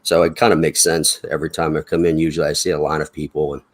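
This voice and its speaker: A man's voice: rumbling low, little pitch movement, quick pace. Middle-aged man, rock-bottom voice, rambling and folksy, chuckles often. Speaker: chat participant. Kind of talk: casual chat.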